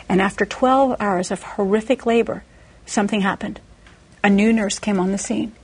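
A woman preaching a sermon, telling a personal story in an animated way and acting out the voices of the people in it. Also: slightly rough. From Texas, USA. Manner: animated storytelling, acting out quoted voices with big pitch jumps.

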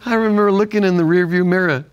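A man's voice: high-pitched, fast talker, lo-fi sound. An older man co-hosting a Christian talk program, telling stories animatedly and laughing often. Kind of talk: casual chat with storytelling.

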